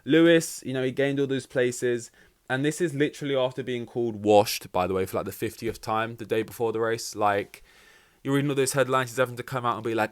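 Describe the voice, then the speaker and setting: Young male podcast host, excitable and rambling, swears a lot, casual race chat. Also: mid-range voice, fairly quick. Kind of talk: casual race reaction commentary.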